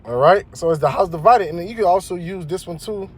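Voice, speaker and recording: His voice is high-pitched and slightly rough, and he speaks at a quick pace. The man preaches casually on scripture, reading passages out loud, putting them in plain terms and checking in with listeners again and again.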